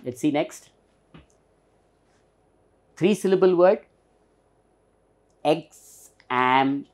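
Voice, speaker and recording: A man's voice: fairly high pitch, big pitch swings, measured pace, darkish tone. A man teaching a pronunciation lesson, patiently spelling out and repeating words. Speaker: English teacher.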